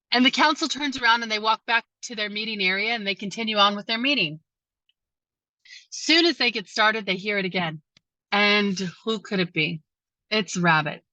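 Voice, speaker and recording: A woman guest speaker telling a story in a sermon, with animated, expressive delivery. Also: medium pitch, no echo. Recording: dull lo-fi sound.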